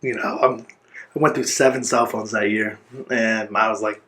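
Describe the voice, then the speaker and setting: A man being interviewed, telling his own life story in an earnest, reflective way and pausing now and then to gather his words. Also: lowish voice, steady tone, bright, forceful tone. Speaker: interview guest.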